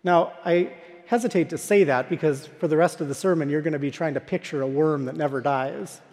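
High-voiced man preaching in a hall. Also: brisk, a little mellow. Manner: storytelling, conversational preaching. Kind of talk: sermon. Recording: long hall reverb.

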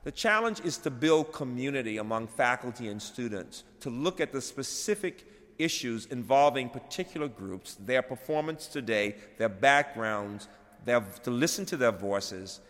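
A middle-aged man giving a dedication speech, telling a personal story and moving from hushed to loud and animated. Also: mid-range voice. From Birmingham, Alabama. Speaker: college president, plenary speaker. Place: large chapel. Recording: long hall reverb.

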